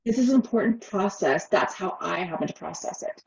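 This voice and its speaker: Expressive lady host chatting away, kinda dull muffled audio. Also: medium pitch, brisk, vocal fry, slight background noise. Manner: animated, expressive storyteller. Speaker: podcast host. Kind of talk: casual interview chat.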